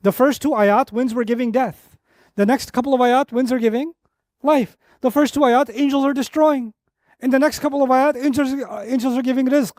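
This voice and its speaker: Animated high-voiced male lecturer. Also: no echo, clean studio sound. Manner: animated storytelling with quick asides and repetitions. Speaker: Quran teacher. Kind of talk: lecture-style sermon.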